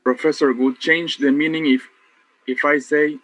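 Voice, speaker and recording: A male student slowly asking the professor a halting question in class. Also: on the high side, steady tone, fairly bright tone, rough recording.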